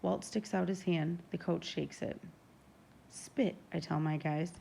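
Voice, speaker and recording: A woman narrating a first-person novel in a steady, even storytelling manner. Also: lowish voice, moderate pace, creaky, background noise. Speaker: audiobook narrator.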